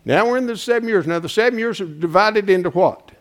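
Male preacher, high voice, homespun Bible teaching, quizzes the congregation, hushed asides and loud emphatic peaks. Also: lively intonation, quick pace. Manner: asks the congregation questions and draws answers; homespun and colloquial, with frequent "folks" and "ain't". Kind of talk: folksy Bible teaching sermon.

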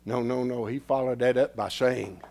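A man preaching a sermon, swinging from loud declarations to hushed, near-whispered lines. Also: medium pitch, fairly even intonation, normal speed, gravelly.

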